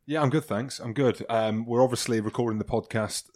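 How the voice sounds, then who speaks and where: A man's voice: mid-range voice, steady tone, fairly quick, darkish tone. A man co-hosting a podcast in casual banter, teasing and self-mocking as he rambles. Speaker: podcast co-host.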